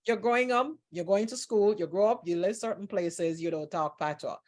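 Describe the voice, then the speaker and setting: A woman's voice: mid-range voice, normal speed, darkish tone. A woman hosting an interview, speaking earnestly and admiringly and repeating phrases for emphasis. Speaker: host.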